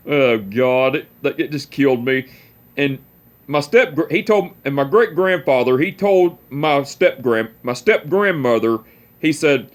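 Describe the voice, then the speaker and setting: A young man with a medium-pitched, unhurried voice tells family stories casually and profanely. He's laid-back and often laughs at his own tales.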